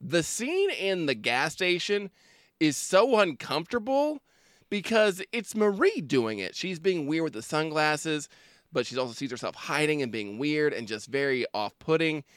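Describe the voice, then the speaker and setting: A man co-hosting a podcast, talking casually about a film, animated and quick to laugh. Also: fairly high pitch, clean tone, dry recording, studio quality. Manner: animated, laughs often, slips into silly voices. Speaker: podcast co-host. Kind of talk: casual movie discussion.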